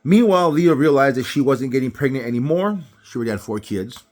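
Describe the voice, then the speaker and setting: A man's voice: mid-range voice, fast talker. A man giving a casual Bible study talk to viewers, telling stories animatedly. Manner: animated storyteller who acts out scenes.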